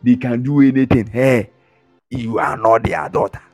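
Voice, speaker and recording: A man's voice: mid-range voice, moderate pace, soft background music. A man preaching a sermon, teasing his listeners with mocking imitations and chuckles. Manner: animated, mocking mimicry, frequent chuckles.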